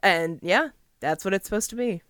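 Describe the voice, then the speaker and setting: Young female co-host, smooth low voice, dry close sound, deadpan movie talk. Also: normal speed, no room sound. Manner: wry, dry, deadpan commentary. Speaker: podcast co-host. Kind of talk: casual chat reviewing a movie.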